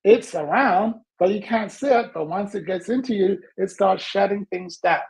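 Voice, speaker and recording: A man's voice: high-pitched, normal speed, gravelly, darkish tone, rough recording. A man hosting a motivational podcast who tells stories animatedly and acts out the dialogue in them. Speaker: podcast host. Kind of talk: motivational storytelling talk.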